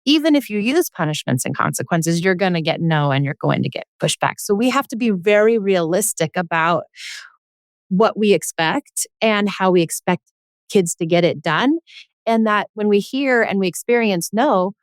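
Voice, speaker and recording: A woman's voice: mid-range voice, lively intonation, moderate pace, dry recording, clean studio sound. A woman hosting as a parenting coach, talking earnestly and directly and acting out little scenes with children. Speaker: parenting coach and podcast host. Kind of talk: coaching conversation.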